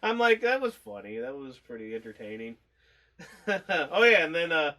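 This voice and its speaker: Male co-host, casual review chat, higher-pitched, loose and rambling, swears a lot. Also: big pitch swings, a little slow, bright, forceful tone. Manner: rambling, swears freely, laughs often.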